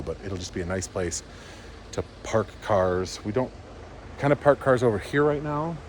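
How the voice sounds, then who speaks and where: A man's voice: low-pitched, a little mellow, a little hiss or hum. A man vlogging outdoors by his barn and driveway, rambling and easygoing as he explains his project into an action camera. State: out of breath. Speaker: homesteading vlogger. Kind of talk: casual vlog walkthrough.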